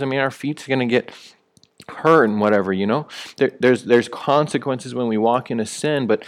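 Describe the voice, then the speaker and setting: A man with a fairly low voice delivers a sermon in a relaxed, conversational way. He talks like he is chatting with his congregation, full of ums, uhs and restarted phrases. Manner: conversational preaching with many fillers and restarts; rises sharply when acting out calling someone back. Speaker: pastor.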